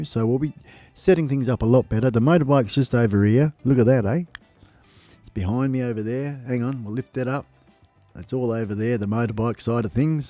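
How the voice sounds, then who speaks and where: A man's voice: medium pitch, warm tone, dry recording. Australian male streamer, chatty and jokey, close-miked at home, faint music bed. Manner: chatty and jokey, laughs often, talks to chat. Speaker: live streamer. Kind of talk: casual live stream chat. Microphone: close desk microphone.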